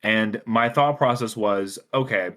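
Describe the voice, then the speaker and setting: A man's voice: medium pitch, moderate pace, fairly bright tone. Male podcast guest, casual and eager, full of "like" and restarts while giving game-master advice. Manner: enthusiastic, advice-giving, many fillers. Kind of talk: casual chat.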